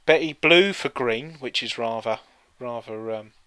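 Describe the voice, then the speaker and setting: Male co-host, chatty and jokey, bright tone, dry sound. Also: medium pitch, unhurried, clear, resonant tone, dry recording. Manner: jokey, chatty, reads quiz questions aloud with asides. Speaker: co-host playing a teletext quiz on stream. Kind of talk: casual chat while playing a quiz.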